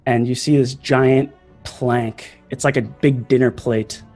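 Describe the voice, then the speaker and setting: Slow, descriptive male game master. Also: mid-range voice, fairly even intonation, a little mellow, faint music behind. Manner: descriptive, with many fillers. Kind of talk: narrating a tabletop game.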